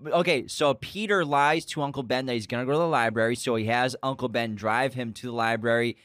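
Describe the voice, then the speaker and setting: A man in casual conversation, recounting a film scene by scene in an even middle voice. He laughs easily and keeps checking his facts with his co-host. The recording is close and dry. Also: mid-range voice, a little fast, no room sound.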